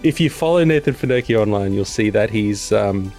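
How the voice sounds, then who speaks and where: A man's voice: fairly low pitch, animated, brisk, a little mellow, soft background music. A man hosting an interview, introducing his guest and asking rambling, friendly questions with many fillers. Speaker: interview host. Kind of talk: conversational interview.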